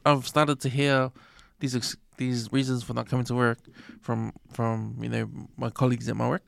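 A man co-hosting a podcast in casual chat, speaking haltingly with many restarts and ready laughter. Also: mid-range voice, level tone, creaky, no echo. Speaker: podcast co-host.

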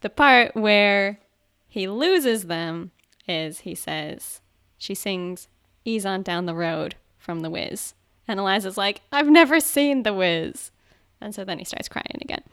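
A woman's voice: mid-range voice, measured pace, clean tone, no echo, studio quality. A woman co-hosting a podcast, casually recapping an episode with lots of laughter and acted-out quotes. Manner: giggly, animated retelling with acted-out quotes. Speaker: podcast co-host.

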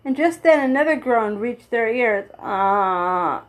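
A woman reading a children's storybook aloud at a steady pace, with small slips and restarts. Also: on the high side, moderate pace, low-quality recording. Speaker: reader.

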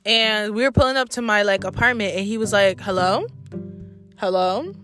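A woman's voice: medium pitch, fast, bright, forceful tone, faint music behind. A young adult woman telling a story to her camera in a blunt, profane, exasperated storytime rant. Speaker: vlogger.

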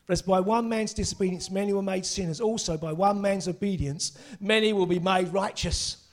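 A middle-aged man preaching a sermon, excitable and breaking into shouts and exclamations. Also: high-pitched, moderate pace.

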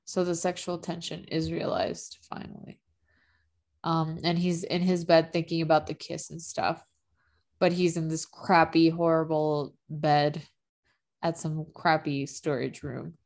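This is a woman chatting casually as a podcast co-host, her voice sitting a little low. She talks loosely, full of fillers and easy laughs, as she walks through a TV episode. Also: level tone, unhurried, darkish tone. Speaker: podcast co-host recapping a TV drama. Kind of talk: casual chat.

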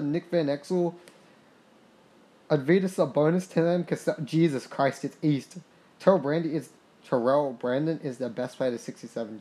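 Reading out stats from a basketball simulation, a young man gets excited and curses freely in casual gaming-podcast commentary. His voice sits on the high side.

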